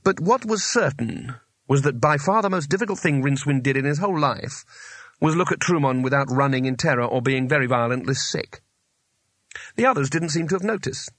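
Expressive male audiobook narrator. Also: fairly high pitch, dry recording. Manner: expressive, measured storytelling. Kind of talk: scripted narration.

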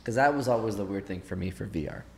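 A man's voice: on the low side, fast talker, creaky, a little mellow, slight background noise. A man hosting a podcast, chatting casually and thinking aloud with lots of fillers. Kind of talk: casual chat.

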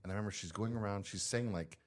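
A man guesting on a casual podcast, telling excited childhood stories with laughter and impersonated quotes. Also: fairly low pitch, fast, a little hiss or hum.

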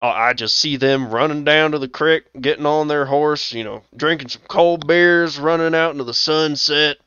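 A man's voice: a little high, normal speed, sharp tone, clear, resonant tone, dry recording, lo-fi sound. Laughing man telling stories. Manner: laughing storyteller, acts out his own reactions. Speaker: podcast co-host. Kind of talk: casual chat.

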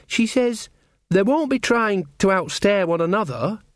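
A man's voice: high voice, animated, unhurried, no echo, studio quality, pitched above the performer's own voice. A man voicing an earnest, nervous young woman witch in an audiobook, talking hesitantly and stammering.

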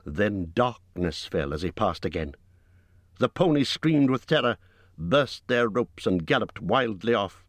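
A man reading an audiobook in measured, dramatic storytelling, recorded on a close studio mic. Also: on the low side, lively intonation, dry recording. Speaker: audiobook narrator. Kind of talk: scripted audiobook narration.

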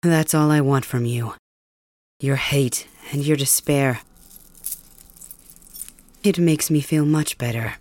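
Casting: woman doing a cold, mocking young tyrant king for ASMR role-play, low and unhurried, dry close sound. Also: no echo. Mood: coldly cruel. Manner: calm, mocking, menacing. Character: cold cruel young male usurper king.

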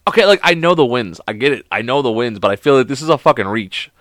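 Host, man, reads joke lists to camera, swears freely, cracks up and scolds himself, pitch leaps around, dry close sound. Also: lively intonation, quick pace, a bit bright, no room sound. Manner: swears a lot, laughs at and mocks his own jokes; self-deprecating, exasperated. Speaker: video host. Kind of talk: reading jokes aloud to camera.

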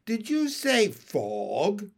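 Brief: man voicing a fussy female pond frog, teacherly and bossy, raised lively pitch, slow storybook pace. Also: gravelly, full character voice. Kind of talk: storybook read-aloud.

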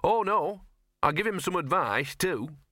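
A man doing a grumpy little storybook mutt, cynical and smug, pitched high with a bright, forceful edge and a dry close sound. He is sardonic and self-satisfied, always angling for his cut. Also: lively intonation, unhurried, no room sound. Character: grumpy scruffy small male talking dog.

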